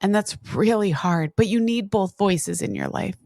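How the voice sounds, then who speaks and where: A woman guest in a conversational interview, telling stories in a lively, animated way and acting out what others said. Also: mid-range voice, moderate pace, gravelly, no room sound, studio quality. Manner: lively, animated storyteller who acts out quotes. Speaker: podcast guest.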